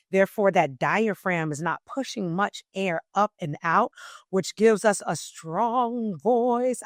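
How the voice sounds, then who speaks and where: A woman voice coach explaining in an interview, teacherly and emphatic, swinging between loud and soft phrasing. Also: lowish voice, no room sound, studio quality.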